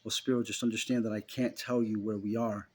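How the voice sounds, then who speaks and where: A man's voice: fairly low pitch, flat delivery, brisk, natural voice. A man quoting a breezy, dismissive mother. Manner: breezy, brushes off worries. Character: dismissive, falsely soothing mother, middle-aged woman.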